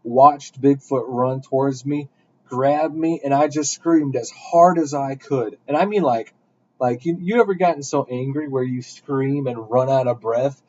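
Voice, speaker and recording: A young man telling a rambling story in casual podcast chat, with animated bursts. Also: medium pitch, a little slow. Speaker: podcast host. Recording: dull lo-fi sound.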